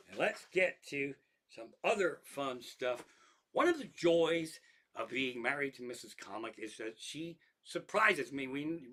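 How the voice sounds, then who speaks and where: Bright-voiced profane comedian telling stories. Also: male voice, medium pitch. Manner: profane, rambling, lots of restarts, animated. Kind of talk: stand-up style storytelling monologue.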